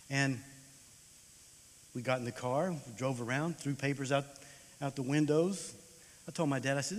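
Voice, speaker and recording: A man in his sixties gives an animated storytelling sermon in a chapel, swinging between loud bursts and hushed tones. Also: a little high, brisk. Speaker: chapel speaker. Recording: long hall reverb.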